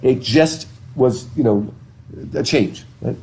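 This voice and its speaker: A man teaches literature slowly in a mellow, medium-pitched voice, lecturing casually, chatting, and asking his students questions. He restarts sentences with repeated words. The live classroom audio, taken through a face mask, carries slight background noise.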